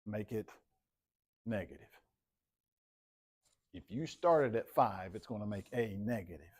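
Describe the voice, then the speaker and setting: A man's voice: fairly low pitch, expressive, unhurried, a little mellow, breathy edge. A man teaching a math class in a classroom, casual and joking, often repeating himself.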